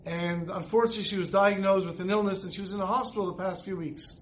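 A man's voice: high voice, steady tone, fast, lightly acted, rough recording. A man voicing a sincere teenage girl who plainly explains a promise she made with her friends.

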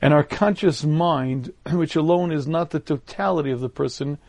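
Man, Torah lecture, somewhat high voice, dry close sound, clears throat often, measured explanatory delivery. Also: darkish tone, dry recording.

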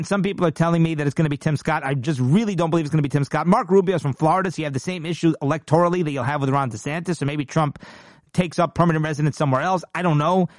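A man's voice: on the high side, very fast, no room sound, studio quality. A man hosting a political commentary show, talking emphatically and indignantly, often restarting and putting on voices to mock-quote people.

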